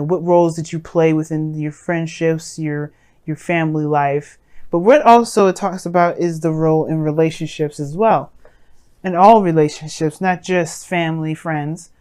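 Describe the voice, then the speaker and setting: Casual woman tarot reader, a bit croaky, lowish voice, talks in loose sassy asides. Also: a little mellow. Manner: rambling, chatty, sassy, lots of fillers. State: slightly hoarse, croaky voice. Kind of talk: casual tarot reading to viewers.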